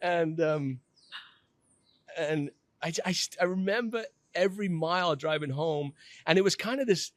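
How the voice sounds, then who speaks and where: A man's voice: on the high side, unhurried, no echo. A middle-aged man telling his own story in a podcast interview, candid and self-deprecating, often restarting his sentences.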